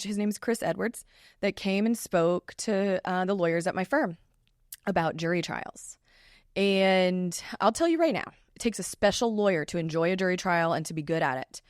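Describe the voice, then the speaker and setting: A woman, a family law attorney hosting her own podcast in a chatty, animated way. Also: mid-range voice, no echo, studio quality. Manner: chatty and animated, with lively asides. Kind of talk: casual solo podcast talk.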